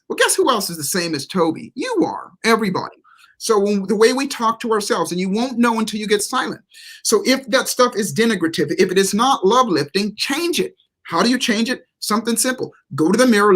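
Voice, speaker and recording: A male motivational speaker talks with preacherly emphasis. He leans hard on key words and says them twice for effect. His pace swings between slow, stressed phrases and quick bursts. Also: high-pitched, a bit bright. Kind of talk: motivational talk on a live interview show.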